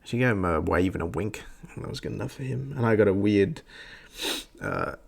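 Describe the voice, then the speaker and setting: Crude, gravelly Australian man ranting. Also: fairly low pitch, a little fast, a little mellow. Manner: crude, profane and sarcastic, acting out others in mocking voices. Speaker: podcast host. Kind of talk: casual rant.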